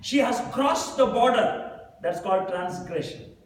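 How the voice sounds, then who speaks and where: A man's voice: sits high, lively intonation, measured pace. A man preaching a sermon, retelling a story with quoted dialogue and then explaining it plainly to the congregation. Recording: very echoey room, mic far away.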